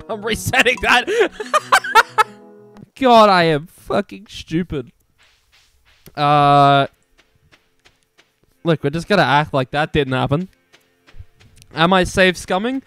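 Excitable swearing young male streamer. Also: fairly high pitch, takes it slowly, pauses often, clear, resonant tone, faint music behind. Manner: excitable, swearing, self-mocking jokes. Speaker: gaming streamer. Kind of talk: casual gameplay commentary.

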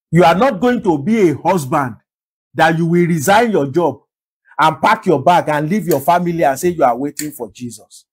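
Nigerian preacher guy, kinda high husky voice, repeats himself a lot, asks the crowd questions. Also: darkish tone, low-quality recording. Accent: Nigerian English. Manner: emphatic rhetorical questions, repetition. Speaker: pastor. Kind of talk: sermon.

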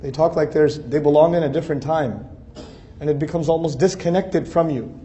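A man's voice: a little high, a little fast, mellow. A man giving a conversational religious lecture, earnest and building his points through emphatic repeated lists. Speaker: speaker giving an Islamic talk.

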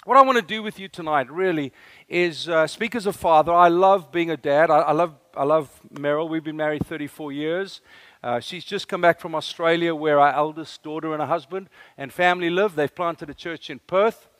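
A man's voice: a little high, moderate pace, a bit bright, dry recording. A man in his fifties with a South African accent, preaching a sermon as a guest speaker in an earnest, storytelling way. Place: church service.

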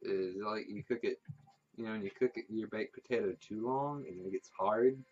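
A man's voice: on the low side, moderate pace, darkish tone, slightly rough. A man in casual banter, joking crudely and swearing, and calling himself a bit mumbly. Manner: joking, profane, says he is mumbly. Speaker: podcast co-host. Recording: dull lo-fi sound.

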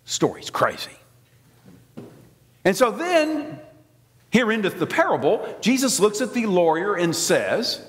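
A man with a Southern American accent from Alabama, preaching a sermon as an animated, theatrical storyteller. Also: high voice, measured pace, pauses often. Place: large church sanctuary. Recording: long church reverb.

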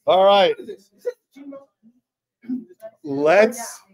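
Excitable high-voiced male host who keeps repeating himself. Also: extremely slow. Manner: loud, repeats himself, exclaims often. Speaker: show host. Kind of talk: excited live show chat. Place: comic convention floor.

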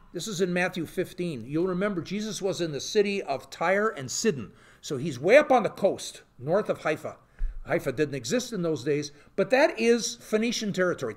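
A pastor leads an informal Bible study, his voice rising and falling with lively swings as he teaches. He is a man with a slightly high voice who keeps checking in with his listeners through quick rhetorical questions. His manner is animated and conversational. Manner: animated, peppers talk with rhetorical questions and "okay?".

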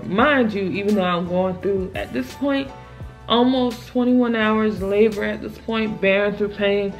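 A young woman speaking straight to her viewers, retelling events with emphatic exasperation and a habit of tossing in "child" between thoughts. Her voice sits at a middle pitch, with soft music just audible underneath. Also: fairly even intonation, moderate pace. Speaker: vlogger telling her birth story. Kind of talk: casual storytelling to camera.

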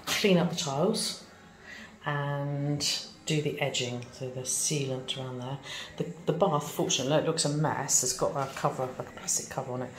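A woman vlogging her bungalow renovation in a casual, wry, self-deprecating way, sounding a little tired. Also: very deep voice. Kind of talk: casual home renovation vlog. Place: empty bungalow under renovation, indoors. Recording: echoey bare rooms with hall reverb and background noise.

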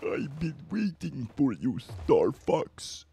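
Andross, a gravelly evil ape. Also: male voice, mid-range voice, huge pitch swings, slow pace, dark tone, slight background noise, full character voice. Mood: gloating. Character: evil giant ape scientist villain, male, older, gloating. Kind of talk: video game voice acting.

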